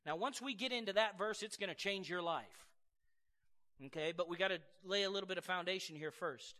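Animated high-voiced pastor in a church hall. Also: male voice, fairly quick. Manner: conversational, laughing asides, animated storytelling. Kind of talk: sermon. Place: church sanctuary.

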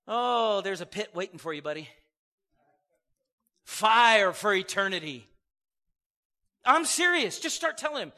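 High, bright-voiced man preaching in a hall. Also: unhurried. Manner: energetic, jokey, acts out quoted voices. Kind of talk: sermon.

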